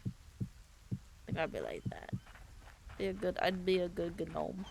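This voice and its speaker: A young woman streamer chatting casually while gaming, rambling playfully and thinking out loud. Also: lowish voice, very animated, unhurried, gravelly, heavy background noise.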